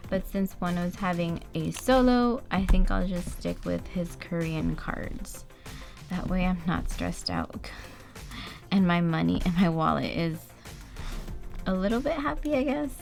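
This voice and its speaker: A young woman from the United States in a casual unboxing chat, chatty and gushing, with excited gasps and laughs. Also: lowish voice, a little slow, vocal fry, soft background music. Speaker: vlogger.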